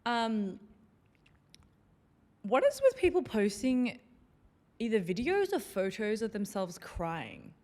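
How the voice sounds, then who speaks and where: A woman's voice: fairly high pitch, huge pitch swings, slow pace, pauses often, darkish tone. Woman, late twenties, podcast host, casual chat, chatty, filler-heavy. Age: 20s. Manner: chatty, lots of "like" and "you know".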